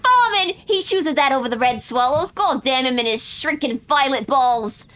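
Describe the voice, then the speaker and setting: A woman's voice: high voice, moderate pace, fairly bright tone, pitched above the performer's own voice. A woman voicing a crude, foul-mouthed female pirate captain, reading game dialogue in coarse old-timey pirate slang and stumbling over words. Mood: gruff. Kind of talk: reading game quest dialogue aloud in character.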